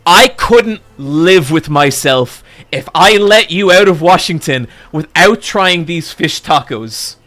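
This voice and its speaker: An earnest, easygoing middle-aged driver who is blissfully oblivious, as a storytelling man quotes him. He speaks in a bright, slightly high voice that stays close to the narrator's own. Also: lively intonation, slow pace, hardly any pauses, heavily acted.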